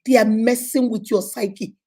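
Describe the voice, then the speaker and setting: A woman's voice: fairly high pitch, steady tone, a little slow, mellow. A woman with a Nigerian accent giving emphatic, repetitive relationship advice to her viewers. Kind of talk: motivational talk to viewers.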